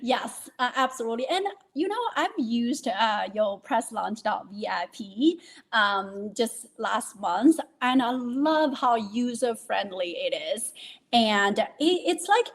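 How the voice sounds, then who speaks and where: A woman's voice: on the high side, expressive, slow pace. A woman hosting a podcast interview, talking hesitantly with many fillers and affirmations. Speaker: podcast host. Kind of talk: casual interview chat.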